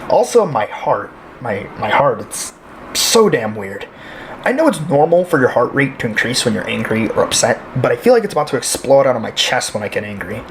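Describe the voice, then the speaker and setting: A man's voice: medium pitch, sing-song, fairly quick, a little hiss or hum. A man playing a quarantined patient who grows uneasy and furious, in an amateur audio drama. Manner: uneasy, then bursts into shouting rage.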